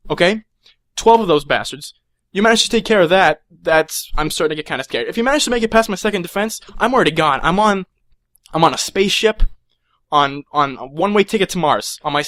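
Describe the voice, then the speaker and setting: Excitable and stammering, a young comedic storyteller rambles on about life as a supervillain while performing small character voices. His voice is high-pitched and the audio has no echo.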